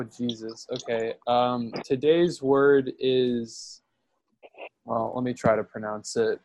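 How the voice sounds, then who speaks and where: A teenage student chatting casually with friends on a call, easygoing and halting with fillers. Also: male voice, medium pitch.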